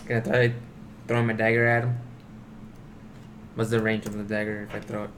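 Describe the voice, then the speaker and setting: A man playing a tabletop game, asking blunt, quick questions in casual chat. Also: on the low side, monotone, fairly bright tone, slight background noise. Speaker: player.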